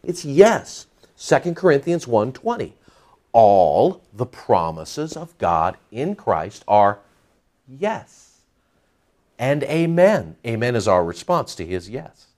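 A male pastor preaching with a voice that swoops up and down. He drives his points home with rhetorical questions and emphatic repetition. His pitch sits in an ordinary middle register. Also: big pitch swings, slow pace, darkish tone. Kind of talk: sermon.

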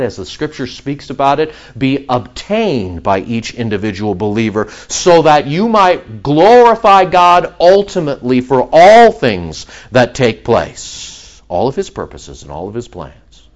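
Animated male pastor preaching. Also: mid-range voice, highs cut off. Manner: animated, acts out crowd voices and asides. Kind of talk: sermon.

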